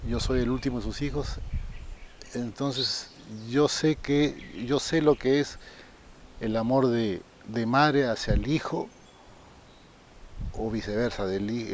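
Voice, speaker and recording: An older man from Peru speaks earnestly at a middle pitch, searching for words and correcting himself as he reflects. The recording is noisy, made outdoors with rustling leaves behind him. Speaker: interviewee, grandfather. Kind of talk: reflective interview answer.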